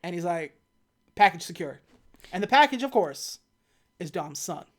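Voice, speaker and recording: A woman's voice: fairly low pitch, normal speed. A woman co-hosting a podcast, casually recapping a film and acting out its scenes in funny voices. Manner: animated, acts out movie scenes in funny voices. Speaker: podcast co-host. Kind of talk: casual movie recap chat.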